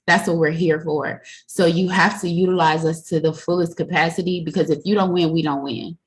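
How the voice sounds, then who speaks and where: Low-voiced woman giving a pep talk. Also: fairly even intonation, a little fast, low-quality recording. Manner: coaching, direct, repeats key points. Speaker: team member speaking on a group video call. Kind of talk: motivational business pep talk.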